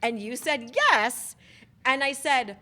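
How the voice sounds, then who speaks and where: A giggly woman in her forties co-hosts a podcast, with a fairly high voice. She laughs often and tells stories in an animated, casual way. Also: fast. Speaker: podcast co-host. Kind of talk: casual chat.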